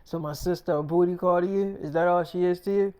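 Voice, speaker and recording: A man voicing a sharp-tongued, brazen young woman who cusses and talks back. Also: lowish voice, steady tone, fast talker, lightly acted. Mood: snapping. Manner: cussing, confrontational.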